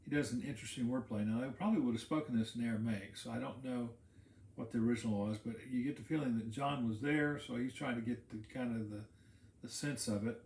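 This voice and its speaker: A man's voice: medium pitch, fast, a little mellow, a little hiss or hum. A man, a pastor, giving a casual Bible teaching talk, explaining in a conversational way and repeating words while he thinks. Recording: roomy echo.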